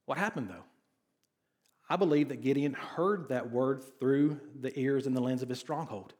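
A man's voice: mid-range voice, normal speed, a little mellow. Man preaching a conversational sermon. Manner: conversational, asks the congregation questions, sarcastic asides. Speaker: pastor.

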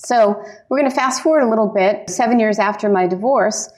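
A woman keynote speaker telling her personal faith story as lively storytelling, laughing often and giving earnest encouragement from a conference stage. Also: a little high, fairly quick. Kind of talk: personal testimony talk.

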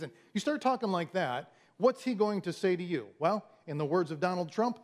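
With a high, slightly mellow, animated voice, this preacher moves at a normal speed and hardly pauses. He tells his sermon like a story in a conversational way, frequently restarting and voicing others' words.

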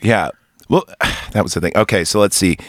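A man's voice: low-pitched, fairly quick, dry recording. A man hosting a podcast, chatting casually and crudely, joking and laughing a lot. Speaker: podcast host. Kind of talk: casual comedic chat.

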